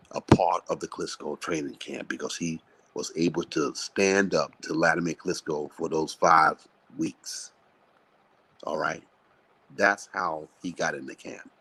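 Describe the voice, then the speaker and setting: A man, a boxing trainer, telling blunt, animated stories with plenty of swearing in a live interview. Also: deep voice, breathy edge, low-quality recording. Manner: animated, blunt, profane storytelling.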